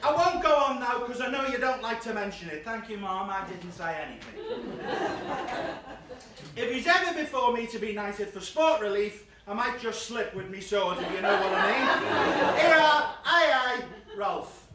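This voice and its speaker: A man's voice: sits high, animated, moderate pace, heavy reverb, noisy background. A man doing camp, gossipy, bawdy stand-up in character, laughing through his lines. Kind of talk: live stand-up character comedy. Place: small live comedy venue with audience. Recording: live theatre recording from a distance with loud crowd.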